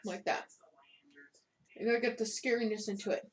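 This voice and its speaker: A young woman co-hosting a casual vlog, telling a story in a chatty, animated way. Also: fairly high pitch, fairly quick, noisy background. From United States. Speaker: co-host.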